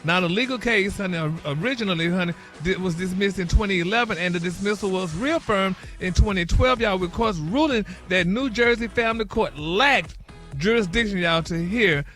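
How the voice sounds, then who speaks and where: A man's voice: high-pitched, brisk, a bit bright, soft background music. A man hosting a radio morning-show gossip segment, chatty and peppering every phrase with "honey" and "y'all". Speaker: celebrity gossip segment host.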